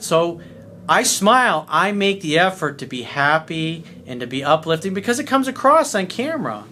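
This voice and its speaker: A man talking as a life coach in a casual monologue, loud, blunt and full of swearing, smiling as he speaks. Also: on the high side, big pitch swings, normal speed, slight background noise. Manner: blunt and profane.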